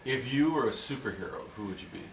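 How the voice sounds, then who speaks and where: A man interviewing a high school athlete with playful, quick questions. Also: animated, distant mic, a little hiss or hum. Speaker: sports interviewer. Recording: roomy, off-mic with faint ambience.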